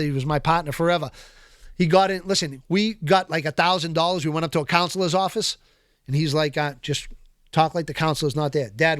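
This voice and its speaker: A man telling prison stories as a podcast guest, in a lively, foul-mouthed, streetwise way. His voice sits a little on the high side. The sound is dry and close, as if recorded in a podcast studio. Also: no room sound. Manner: animated, profane, streetwise storytelling. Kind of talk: casual storytelling interview.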